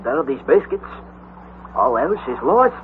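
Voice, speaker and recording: An actor playing a loyal, humble male servant guide who speaks softly and deferentially, in old-time radio drama style. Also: fairly high pitch, sing-song, moderate pace. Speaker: servant addressing his master. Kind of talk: 1940s radio acting. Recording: tinny old radio broadcast, faint hiss.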